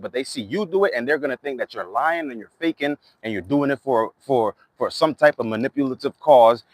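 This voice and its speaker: A man's voice: on the high side, no echo. A young man who makes music, talking in a candid, rambling monologue that is raw, emotional and full of swearing. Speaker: music artist.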